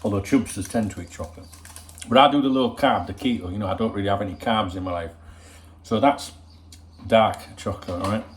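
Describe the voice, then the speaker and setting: A man's voice: on the low side, fairly quick. A man hosting a casual football vlog at home, chatty, joking and swearing freely as he rambles to viewers. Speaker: football channel host.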